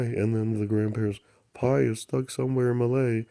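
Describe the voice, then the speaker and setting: Speaking at a normal speed, a man with a mid-range, creaky voice runs his own channel. His spiritual story rambles along in broken grammar, with affirmations repeated like a chant and the odd slip into soft, breathy murmurs.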